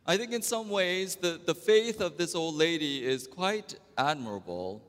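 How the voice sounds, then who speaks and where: A male pastor preaching a sermon, telling a story at an unhurried pace with wide swings in loudness. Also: a little high, lively intonation, long reverb tail.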